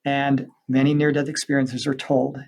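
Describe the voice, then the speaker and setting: A man's voice: medium pitch, flat delivery, moderate pace, darkish tone. A man who is an author and spiritual counselor, giving interview answers with earnest, preachy conviction.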